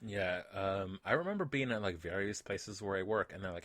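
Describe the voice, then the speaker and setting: A man's voice: low-pitched, animated, fairly quick, hardly any pauses, a bit bright. A young man chatting as a podcast guest, playful and boastful in his banter. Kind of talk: casual chat.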